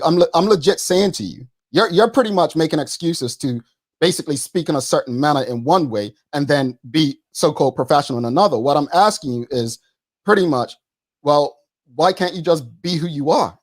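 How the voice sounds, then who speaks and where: A man, co-hosting a studio talk show and arguing his point quickly and emphatically, repeating words. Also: on the high side, expressive. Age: 40s. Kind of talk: studio debate.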